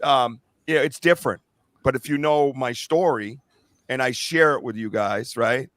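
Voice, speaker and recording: A man's voice: medium pitch, moderate pace, a bit bright, no echo. Middle-aged male podcast host, heartfelt and emotional, dry close recording. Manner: emotional, choked up, earnest. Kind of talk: casual podcast chat.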